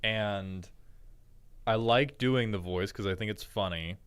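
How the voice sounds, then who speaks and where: Male streamer, smooth clear voice, loose joking chat with viewers, keeps restarting his sentences. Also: fairly low pitch, slow pace. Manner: rambling, jokey, self-interrupting.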